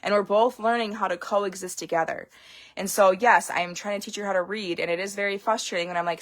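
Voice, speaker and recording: A woman's voice: lowish voice, steady tone, fast talker. A young woman, a homeschooling parent, talking casually in a vlog and rambling frankly with lots of fillers.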